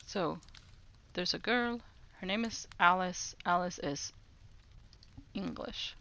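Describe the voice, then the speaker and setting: A woman streamer chatting casually with her viewers as she practices French, repeating phrases slowly, giggling and greeting chat brightly. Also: lowish voice.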